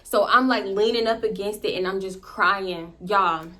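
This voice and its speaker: A young woman vlogger telling a story to camera, animated and profane, calling her viewers "y'all". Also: medium pitch, moderate pace. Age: young adult.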